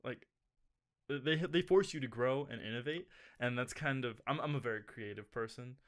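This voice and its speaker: A man's voice: medium pitch, normal speed. A man co-hosting a casual podcast, rambling and joking with lots of fillers. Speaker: podcast co-host. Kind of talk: casual chat.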